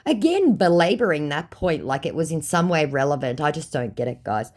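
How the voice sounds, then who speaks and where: A woman's voice: low voice, sing-song, brisk, darkish tone. A woman recounting a chat with a scammer in a sarcastic, mocking way. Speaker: scambaiter.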